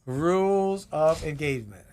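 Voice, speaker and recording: A middle-aged man with a fairly high voice tells a marriage story with loud, playful energy. He laughs often and pushes his volume up as the tale builds. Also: lively intonation, unhurried, slight background noise. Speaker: guest author and speaker. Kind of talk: animated storytelling.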